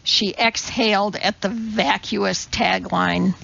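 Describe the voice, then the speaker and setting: A woman narrates a story in a slow, deliberate reading voice with a gravelly, fry-tinged texture. The recording sounds slightly dull and muffled. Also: mid-range voice, steady tone, a bit bright. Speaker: audiobook narrator. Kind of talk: scripted narration.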